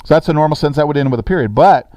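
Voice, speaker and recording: A man's voice: fairly high pitch, very fast, warm tone, no echo. A man teaching a sixth grade grammar lesson in a classroom, talking casually and checking in with the students often.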